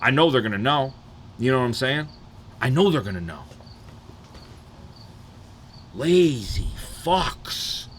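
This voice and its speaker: A man is ranting on a livestream in a loose, animated, profane way. His voice has a bright, forceful edge, and he keeps circling back to check that his listeners follow. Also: mid-range voice, a little fast, a little hiss or hum. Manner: animated, profane, repeats "you know what I'm saying". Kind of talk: casual livestream rant.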